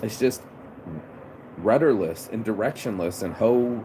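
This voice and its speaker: A fairly low-voiced man delivers a swearing, preachy motivational pep talk, calling everyone bro. He is outdoors beside a road, with loud traffic rumbling behind his voice. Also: moderate pace. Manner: profane, preachy, calls listener bro. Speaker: motivational vlogger. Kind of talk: casual motivational rant.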